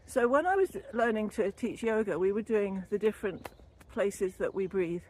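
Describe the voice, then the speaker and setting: Walking outdoors beside a canal, an older woman talks about wellbeing in a casual, rambling way, laughing easily and a bit short of breath. Her medium-pitched voice is animated and a little mellow, at a moderate pace. A former yoga teacher trainee turned wellbeing vlogger, she records on a built-in camera or phone mic, with a little hiss or hum.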